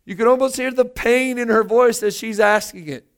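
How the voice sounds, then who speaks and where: Earnest high-voiced male pastor preaching. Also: normal speed. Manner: earnest, repeats words while building emphasis. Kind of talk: sermon. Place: church meeting room.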